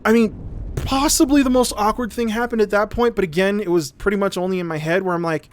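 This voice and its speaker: A man's voice: high-pitched, fairly even intonation, fast, dry recording. A man streaming a game, telling a long, rambling, profane story in casual chat. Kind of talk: casual storytelling while gaming.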